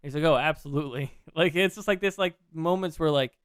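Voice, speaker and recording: A man chatting casually on a podcast, rambling excitedly and swearing freely as he retells what he watched. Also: sits high, a little fast, clear, resonant tone, dry recording. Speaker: podcast co-host. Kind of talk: casual chat.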